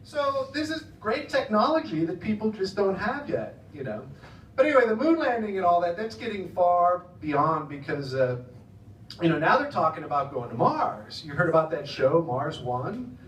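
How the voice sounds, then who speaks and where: A man's voice: high-pitched, sing-song, normal speed. An American man doing a rambling, chatty stand-up comedy set, often laughing at his own jokes. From United States. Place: comedy club stage in the Netherlands. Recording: echoey room from some distance, faint noise.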